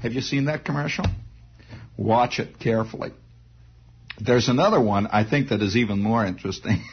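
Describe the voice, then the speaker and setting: A man doing a rambling comic monologue, animated, with restarts and vocal sound effects, on a dull lo-fi old recording. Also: mid-range voice, normal speed, slightly rough, soft background music. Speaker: comedian.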